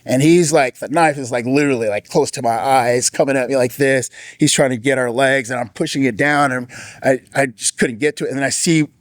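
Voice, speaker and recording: A man shares a personal testimony in a plain, middle-pitched voice, telling it casually with frequent restarts. He bumps his pitch up when he quotes others. The sound is dry and close, with little room echo. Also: fairly even intonation, fairly quick. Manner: earnest, casual storytelling with many restarts. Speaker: former sheriff's deputy sharing testimony.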